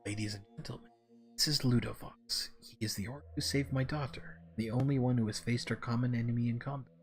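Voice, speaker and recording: A man voicing a cold, formal wealthy patriarch who speaks in stiff, measured sentences. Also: mid-range voice, fairly even intonation, soft background music, lightly acted.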